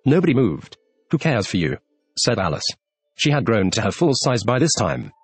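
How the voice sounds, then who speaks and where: A man reading a classic children's novel aloud as an audiobook narrator, in a measured storytelling manner. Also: medium pitch, very animated, slightly rough, no echo, soft background music. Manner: measured storytelling, shifts tone for characters.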